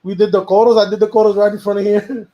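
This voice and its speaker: A man's voice: high-pitched, flat delivery, fast talker, highs cut off. A man, a music producer, talking casually about making a song, rambling and slipping into Spanish now and then. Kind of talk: casual chat.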